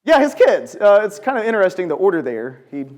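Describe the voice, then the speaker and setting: In a large church room, a man with a high voice delivers a conversational Bible lesson to a group at a fairly quick clip. He animatedly quizzes the audience and acts out quotes.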